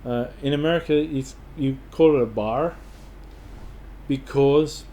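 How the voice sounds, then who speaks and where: A man's voice: mid-range voice, unhurried, mellow. An Australian man giving casual travel advice to camera, rambling and enthusiastic, with lots of fillers and restarts.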